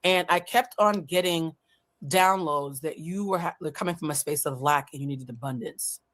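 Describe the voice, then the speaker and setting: A woman hosting a livestream, telling a dating story in a casual, blunt and profane way, and acting out the dialogue with big jumps in pitch. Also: normal speed, a bit bright. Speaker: host of a livestream, emotional intelligence coach. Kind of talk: casual storytelling to a live audience.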